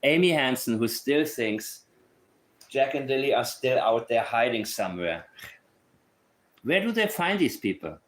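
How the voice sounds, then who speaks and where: Brief: male commentator, blunt and opinionated, mid-pitched voice, talks off the cuff. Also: sing-song, unhurried, long pauses. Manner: blunt, opinionated, thinks aloud. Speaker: true crime commentator. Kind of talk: casual commentary.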